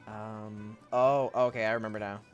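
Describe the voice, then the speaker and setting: A man's voice: lowish voice, flat delivery, normal speed, muffled recording, faint music behind. A young man streaming while he draws, rambling casually to chat, reading messages aloud and often laughing.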